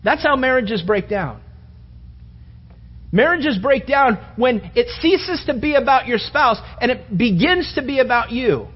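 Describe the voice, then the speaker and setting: A middle-aged man preaching a humorous sermon, acting out little scenes in quieter voices. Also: very high-pitched, animated, unhurried, slightly rough. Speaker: pastor. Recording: dull sound with long reverb in a hall.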